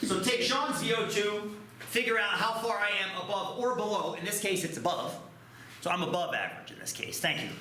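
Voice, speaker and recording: Male math teacher, high and lively, self-mocking humor, booming classroom echo. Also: fairly quick, a little hiss or hum. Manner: joking, self-deprecating. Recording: echoey classroom.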